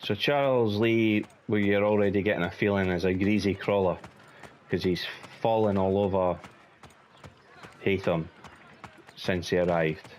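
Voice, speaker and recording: A Scottish man commenting casually over his game. His voice is very low, and he rambles through his asides. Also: fairly even intonation, measured pace, pauses often, a little mellow, a little hiss or hum. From Scotland. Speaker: let's play host.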